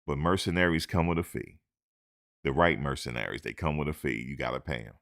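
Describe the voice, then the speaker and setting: A man's voice: a bass voice, fairly quick, creaky. A man giving opinionated sports talk into a close mic, emphatic and repetitive, lecturing his listeners. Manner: animated, emphatic, repeats points, lectures listeners. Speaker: sports commentator. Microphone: close microphone.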